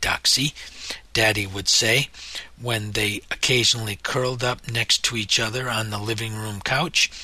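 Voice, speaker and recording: Male narrator, audiobook reading, very bright tone, husky. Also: medium pitch, dry recording. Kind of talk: scripted narration.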